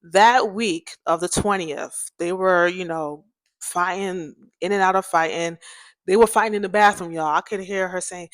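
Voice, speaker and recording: A young woman hosting a podcast, telling a personal story in a chatty, animated way, often laughing and speaking straight to her listeners. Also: fairly low pitch, moderate pace, no echo, clean studio sound. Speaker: podcast host.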